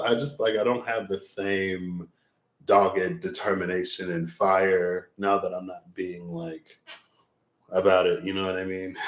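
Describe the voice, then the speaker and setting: A man with a deep, low voice talks on in a loose, rambling way. He reflects aloud as a tarot reader wrapping up a long stream, breaking into laughs now and then. The sound carries a roomy echo. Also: a little slow. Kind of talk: late-night livestream wrap-up chat.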